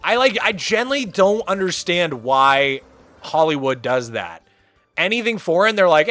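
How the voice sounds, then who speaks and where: Animated, high-pitched rambling streamer man. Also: normal speed, faint music behind. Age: 30s. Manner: rambling, animated, full of "like" fillers. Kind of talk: casual chat on a live game stream.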